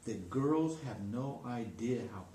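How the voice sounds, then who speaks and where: A man from the audience making a comment in a halting, hesitant way. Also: mid-range voice, animated, warm tone. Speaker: audience participant. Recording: distant voice in an echoey room with faint noise.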